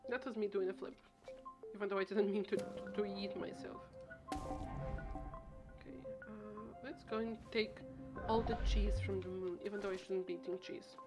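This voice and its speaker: A woman's voice: mid-range voice, flat delivery, a little slow, pauses often. A young woman streaming a game, chatting casually in a dramatic, self-mocking way. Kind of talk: casual live game commentary. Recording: music playing behind.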